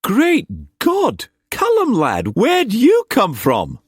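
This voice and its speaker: A man voicing an anxious, excitable middle-aged merchant uncle in an audiobook, speaking raised and urgent. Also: extremely high pitch, slow, husky, no echo, clean studio sound, pitched above the performer's own voice, exaggerated voice. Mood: alarmed. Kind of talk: audiobook character voice.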